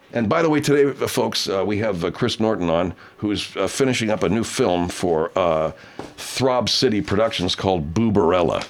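Male talk-show host, low voice with big swings, rambling profane storyteller. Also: normal speed. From Southern California. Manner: rambling, profane, animated storyteller with many restarts.

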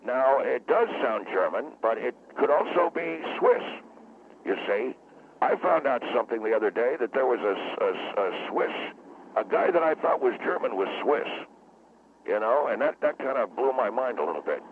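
A man's voice: medium pitch, big pitch swings, moderate pace, background noise, lightly acted. A man voicing a blustering radio guest who gets wound up, insults people and rants. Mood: lecturing. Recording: phone line.

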